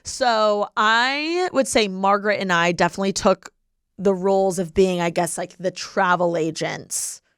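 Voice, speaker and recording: A woman's voice: medium pitch, unhurried, fairly bright tone, clean tone, no room sound, studio quality. A young woman in her twenties hosting a podcast, chatting casually in a bubbly, giggly way with lots of filler words. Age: 20s. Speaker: podcast host. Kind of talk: casual chat. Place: living in LA.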